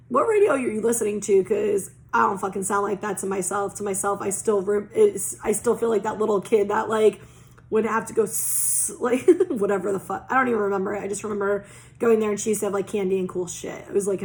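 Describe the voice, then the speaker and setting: A woman's voice: mid-range voice, creaky. A woman giving a casual oracle card reading, chatty and rambling, full of "like" fillers and casual swearing. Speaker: psychic oracle card reader.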